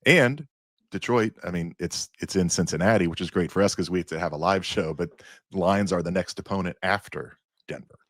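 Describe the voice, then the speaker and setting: A man's voice: sits low, brisk, no room sound, studio quality. A man with a Midwestern American accent co-hosting a sports podcast, easygoing and posing trivia to his partner. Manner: easygoing, laughs along, quizzes his co-host. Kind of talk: casual sports podcast chat.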